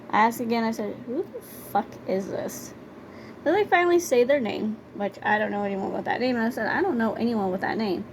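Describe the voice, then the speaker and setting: Background noise runs under a young woman's slightly high voice as she recounts personal stories for her vlog. Her delivery is casual and blunt, and she repeats words to drive points home.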